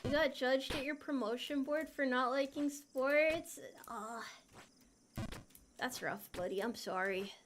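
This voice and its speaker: Over slight background noise, a young woman speaks slowly in a high-pitched voice while streaming a game. A VTuber, she casually and playfully replies to what her chat says.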